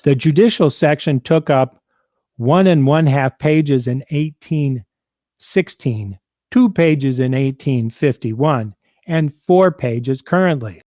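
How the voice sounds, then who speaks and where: A man hosting a civics program, reading out and explaining a state constitution in a measured, deliberate way. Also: mid-range voice, dark tone, no room sound, clean studio sound. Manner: measured, deliberate, quotes documents aloud.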